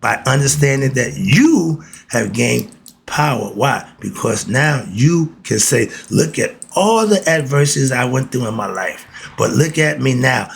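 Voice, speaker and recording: A man's voice: medium pitch, lively intonation, unhurried, gravelly, slight background noise. A man giving a casual spiritual talk, asking himself rhetorical questions and answering them. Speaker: spiritual teacher.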